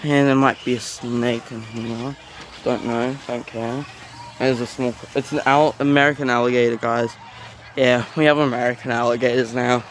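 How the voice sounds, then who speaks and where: Slight background noise accompanies a medium-pitched man vlogging casually as he walks through a zoo outside. Holding a phone camera, he rambles in a self-aware manner, using lots of filler words.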